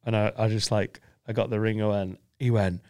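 A man's voice: on the low side, level tone, moderate pace, dark tone. A man, a comedian guest telling anecdotes on a casual podcast, acting out other people's voices and swearing freely.

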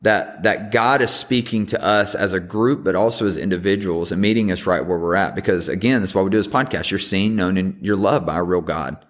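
A man in his thirties hosting a podcast, talking earnestly and haltingly with many ums and restarts. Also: low-pitched. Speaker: podcast host. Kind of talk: personal reflective monologue.

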